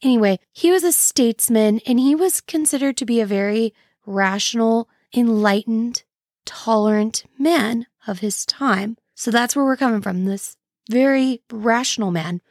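A woman's voice: a little high, moderate pace, darkish tone, no room sound, studio quality. Sarcastic woman hosting a history podcast. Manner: sarcastic, wry asides. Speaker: podcast host. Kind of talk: casual history podcast narration.

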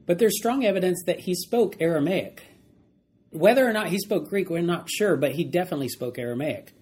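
A man teaching a Bible study lesson, animated and emphatic, repeating key phrases as he explains. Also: high voice, slightly rough.

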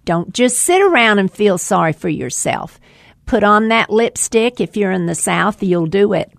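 A woman's voice: mid-range voice, vocal fry, no echo, clean studio sound. A woman guest on a podcast giving folksy, emphatic advice about making connections. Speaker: guest, women's ministry leader. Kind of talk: podcast interview.

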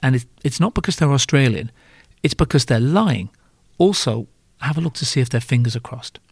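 A man's voice: mid-range voice, lively intonation, brisk, slightly rough, dry recording, studio quality. A man hosting a podcast, delivering a scripted comic monologue in a wry, self-mocking way with casual swearing. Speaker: podcast host.

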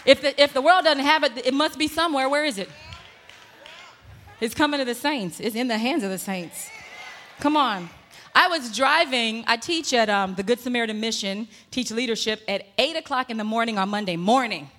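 Bright-voiced woman preaching in a reverberant hall. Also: fairly high pitch, normal speed, slight background noise. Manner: humorous and emphatic, with laughter and shouted points. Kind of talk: sermon. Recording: long reverb in a large hall.

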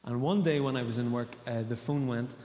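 A man's voice: medium pitch, brisk, mellow. A man, preaching a sermon in a conversational way and asking the congregation questions. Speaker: pastor. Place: church hall. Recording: echoey church hall.

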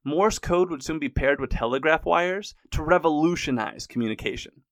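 A man's voice: a little high, moderate pace, a bit bright, dry recording, studio quality. A man narrating history casually in a wry, irreverent way, with occasional swearing.

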